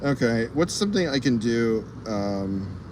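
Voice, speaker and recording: A man chats unhurriedly on a livestream from an outdoor fire escape, his words drawn out at a slow pace. He rambles, swears freely and keeps trailing off into ums and uhs, in a middle-pitched voice with faint outdoor sounds behind him. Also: lively intonation, noisy background. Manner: rambling, profane, laughs a lot, trails off in fillers. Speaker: streamer. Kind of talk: casual livestream chat.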